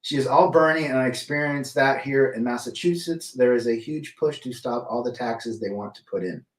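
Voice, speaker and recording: In a mid-range voice at normal speed, a middle-aged man hosts a laid-back livestream, reading chat, naming the people who comment, and sharing blunt opinions. The recording sounds roomy and echoey, with the mic placed at a distance.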